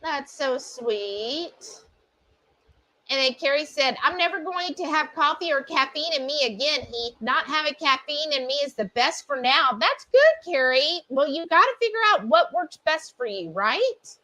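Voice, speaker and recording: Bubbly high-voiced woman. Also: animated, moderate pace, hardly any pauses, pushed and bright. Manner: bubbly, gushing over viewers. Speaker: livestream cooking co-host. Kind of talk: casual chat, reading viewer comments. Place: home kitchen.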